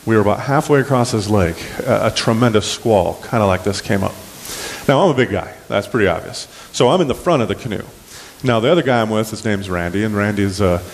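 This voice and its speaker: A man preaching a sermon in a relaxed, folksy, storytelling manner, with plenty of ums and restarts. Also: fairly low pitch, big-room sound, a little hiss or hum. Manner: folksy, conversational, many fillers and restarts. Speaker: pastor. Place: church sanctuary.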